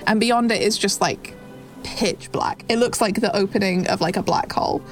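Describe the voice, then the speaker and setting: A woman's voice: mid-range voice, moderate pace, faint music behind. A woman narrating a tabletop game as game master, descriptive and rambling with lots of "kind of" and "like".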